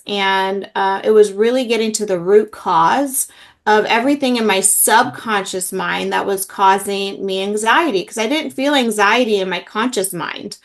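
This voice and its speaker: A woman's voice: mid-range voice, fairly bright tone. A middle-aged woman speaking earnestly about emotional healing in an interview, with frequent fillers. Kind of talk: interview, personal story.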